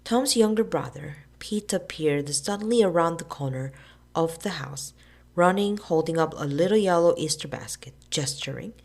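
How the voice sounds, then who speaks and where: Low, gravelly woman reading a storybook. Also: moderate pace. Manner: expressive, with character voices. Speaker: narrator.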